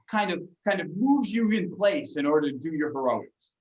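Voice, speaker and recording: Male game master, animated storytelling, slightly high voice, echoey lo-fi room. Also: normal speed, few pauses. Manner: lively narration with frequent restarts and acted bits. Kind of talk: narrating a tabletop game.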